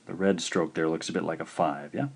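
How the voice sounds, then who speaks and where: A man teaching in a recorded video lesson, patient and slow, saying each syllable out clearly. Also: sits low, fairly even intonation. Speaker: language teacher.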